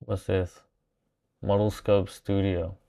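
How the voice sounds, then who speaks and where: Male streamer, low smooth voice, loose and unscripted, musing to himself as he tests tools. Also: flat delivery, slow, warm tone. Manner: thinking aloud, reacting as he tries things. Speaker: livestream host testing software. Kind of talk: casual live-stream commentary.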